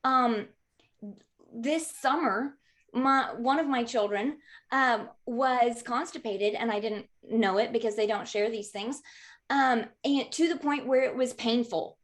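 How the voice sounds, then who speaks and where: Woman in her 30s, high voice, chatty storytelling on a podcast, lots of ums. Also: a little slow. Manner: lively, frequent "um" fillers, acts out quoted voices. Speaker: podcast guest. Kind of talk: conversational storytelling.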